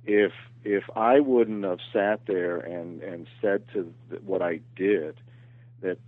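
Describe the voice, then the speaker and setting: A man's voice: low-pitched, slow, no room sound. A man speaking as a golf professional guest in a podcast interview, earnest and repeating words as he gathers his thoughts. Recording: tinny phone line, very dry.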